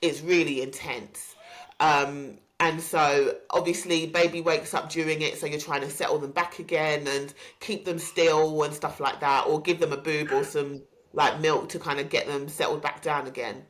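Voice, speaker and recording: A woman, hosting a podcast and candidly recounting a personal story with many pauses and ums. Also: sits low, steady tone. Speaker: podcast host.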